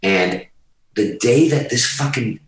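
A man's voice: medium pitch, expressive, slow, recorded from a distance. Profane, emphatic man in a roomy space. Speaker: podcast guest. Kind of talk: casual storytelling. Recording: roomy, from off the mic.

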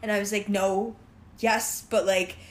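A young woman in casual chat with friends, telling an animated story full of "like" fillers, acting out quotes and laughing often. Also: mid-range voice, measured pace.

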